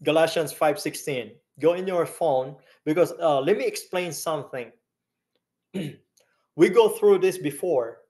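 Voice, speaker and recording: Guy pastor w a teaching a sermon, slow n steady, kinda high voice, keeps asking the crowd stuff. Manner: teaching Bible study, questions the congregation.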